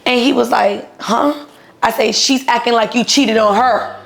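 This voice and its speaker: A woman's voice: on the high side, moderate pace, gravelly. A woman in her thirties telling her own story casually, blunt and profane, acting out the people she quotes. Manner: blunt, profane, animated retelling with quoted dialogue.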